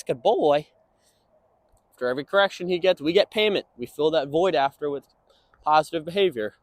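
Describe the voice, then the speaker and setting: Lively-voiced man coaching a dog. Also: dry recording. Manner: casual explaining, breaking into high sing-song praise for the dog. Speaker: dog trainer. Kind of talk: instructional walk-and-talk.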